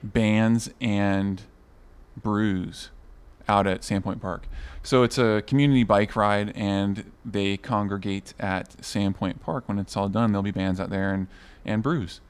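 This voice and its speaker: A man's voice: on the low side, steady tone, normal speed, few pauses, clean tone. A man who is a fire chief, talking in an easygoing, plainspoken way as a podcast guest. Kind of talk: casual interview talk.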